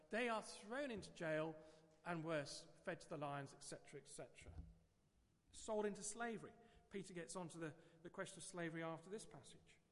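A middle-aged man with an English accent preaching a sermon in a conversational, digressive way, often repeating words as he goes. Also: high voice. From England. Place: church. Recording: church hall reverb.

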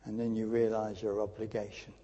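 An older man preaching a sermon in a church, telling stories with lively emphasis and dropping to a near whisper at times. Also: fairly low pitch, brisk, muffled recording. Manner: animated storytelling with sudden drops to hushed speech. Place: church hall. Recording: long church reverb.

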